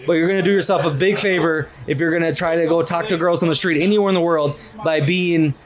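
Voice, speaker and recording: A man's voice: fairly high pitch, steady tone, fast. A man in his twenties on a casual podcast, giving blunt dating advice in a coaching tone, swearing and ending points with "okay?". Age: 20s. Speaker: podcast co-host.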